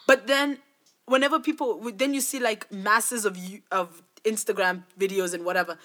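A woman co-hosting a podcast in casual chat, telling stories in an animated, joking way. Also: mid-range voice, moderate pace. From not South African. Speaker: podcast co-host.

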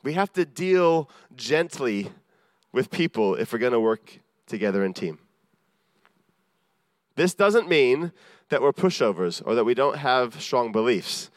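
A man's voice: mid-range voice, sing-song, measured pace, dry recording, clean studio sound. A man preaching a sermon in an earnest, self-deprecating way, acting out the voices of the people he quotes.

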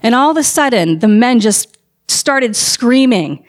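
A woman's voice: on the high side, lively intonation, unhurried. A woman preaching a sermon, telling a story with building passion and emphatic calls to her listeners.

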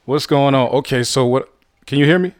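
A man's voice: mid-range voice, brisk, no room sound, clean studio sound. A man hosting a podcast, talking to a caller in a laid-back, informal way. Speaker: podcast host. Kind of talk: casual podcast chat.

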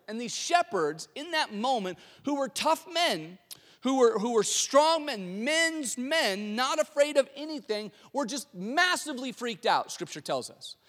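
Man preaching, high voice, animated storytelling, long reverb in a church hall. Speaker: pastor. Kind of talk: sermon.

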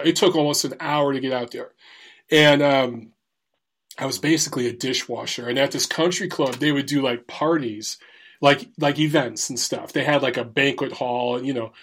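A man telling crude job stories in a casual, profane way, often laughing through the punchlines. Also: a little high. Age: adult, former Marine. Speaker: storyteller. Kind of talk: casual storytelling.

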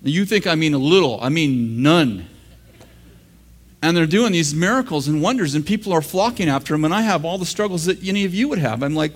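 A man's voice: a little high, animated, a little fast. An American man preaching a sermon in a church, joking with the congregation and laughing at his own lines. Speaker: pastor. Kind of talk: sermon teaching.

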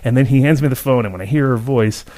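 A man in casual podcast chat, telling an animated story with plenty of swearing and laughter mid-sentence. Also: mid-range voice, quick pace.

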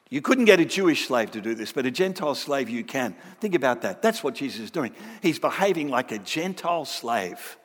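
Man, Bible lecture, animated, fairly high voice, long hall reverb. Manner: animated, with frequent tag questions.

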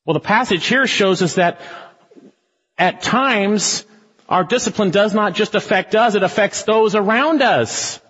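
Man preaching emphatically with rhetorical questions; raised, husky voice; muffled sanctuary recording. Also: high voice, measured pace, a bit bright, in a large hall. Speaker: pastor. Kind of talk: expository sermon.

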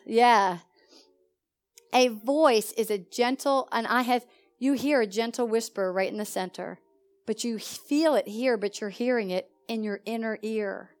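A woman pastor teaching a sermon to her congregation in an animated, conversational way, often putting questions to the listeners. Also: fairly high pitch, unhurried. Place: church service.

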